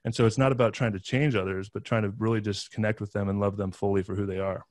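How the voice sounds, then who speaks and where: A man's voice: lowish voice, steady tone, fast, darkish tone, no room sound. A man talking as a podcast guest, earnestly telling a personal story with frequent restarts and fillers.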